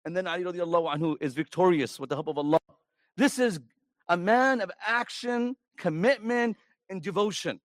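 Man preaching to a congregation, emphatic, lots of rhetorical questions, pretty high voice, dry sound. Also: moderate pace, dry recording. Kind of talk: storytelling sermon.

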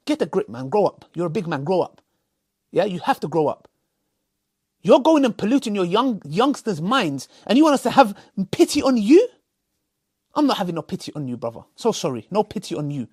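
Male reactor; husky, lively delivery, dry close sound, emphatic and scolding. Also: high voice, a little fast, dry recording. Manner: emphatic, scolding, mocking, with sarcastic put-on quotes. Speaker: reaction commentator. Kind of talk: heated reaction commentary.

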